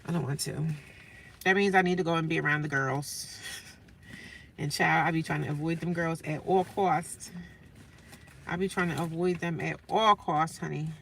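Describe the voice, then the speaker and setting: A tired woman talks straight to her viewers from inside her parked car, venting and rambling in a chatty way. Her voice is bright and a little tense. She sits a bit back from the phone, and faint noise hangs in the background. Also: sits low, steady tone, moderate pace, creaky, pauses often, distant mic, rough recording. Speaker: vlogger. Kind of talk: casual vlog chat to camera.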